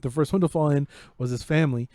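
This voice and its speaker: A man co-hosting a podcast, telling a story in casual, profanity-heavy chat that keeps building in excitement. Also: on the high side, fast, no room sound. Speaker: podcast co-host. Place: home podcast setup.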